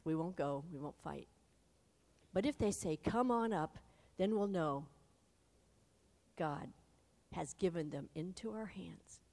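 A woman voicing a brave young male warrior in an earnest, measured tone while retelling a Bible story. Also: deep voice, animated, darkish tone, full character voice. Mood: resolute. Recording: long hall reverb.

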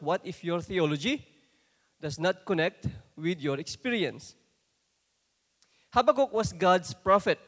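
A high-pitched man preaches a sermon at a slow, deliberate pace. His delivery is dramatic and sometimes swells into forceful bursts. The sound carries the long reverb of a large hall. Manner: dramatic, rising to forceful outbursts when quoting scripture.

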